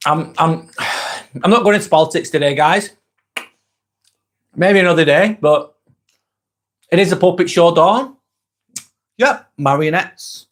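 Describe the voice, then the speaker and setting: A man with a fairly high speaking voice hosts a live motivational chat and answers viewer comments as they come in. He talks bluntly and casually, swears freely and hammers his points home through repetition. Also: unhurried, pauses often. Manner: talks while eating a snack. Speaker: live vlog host.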